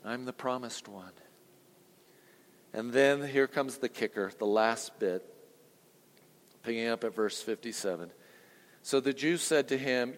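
A pastor preaching a sermon, swinging from hushed passages to booming climaxes and quizzing the congregation. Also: male voice, big-room sound. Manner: asks the congregation questions.

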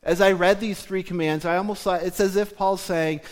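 A man from southern Ontario delivers a sermon in a measured, explanatory way. His voice sits a little high for a man, and he slows down to press home his main points. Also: steady tone. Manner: measured teaching tone, slowing for emphasis. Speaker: preacher.

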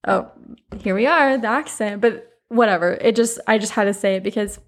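A woman's voice: medium pitch, normal speed. A woman from Florida with a Southern accent, hosting a solo podcast in a chatty, rambling way full of "like" and side notes. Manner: chatty, rambling, many "like" fillers and asides. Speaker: podcast host. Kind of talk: casual solo podcast chat.

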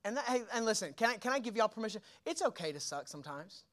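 A young man preaching a sermon as pastor, energetic and colloquial, with slang and rhetorical questions. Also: high voice, fast talker.

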